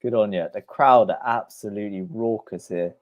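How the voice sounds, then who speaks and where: A man's voice: fairly low pitch, normal speed, highs cut off. A man giving live play-by-play of a tennis match on a stream, calling each shot in turn and answering chat comments between points.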